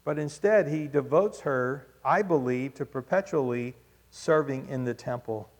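A man's voice: mid-range voice, unhurried. Man preaching in an echoing hall. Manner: emphatic, rising to rhetorical questions. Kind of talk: sermon. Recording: long hall reverb.

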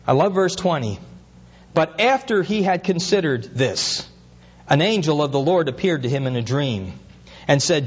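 A man's voice: on the high side, animated, moderate pace, breathy edge, in a large hall, lo-fi sound. A pastor preaching an earnest sermon, his voice rising as he asks questions.

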